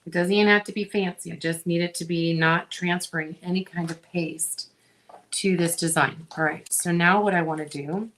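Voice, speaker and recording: A middle-aged woman hosting a crafting video, chatting casually with viewers as she works and often pausing with fillers. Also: on the low side, steady tone, a bit bright. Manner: chatty, talks to viewers while working, frequent fillers.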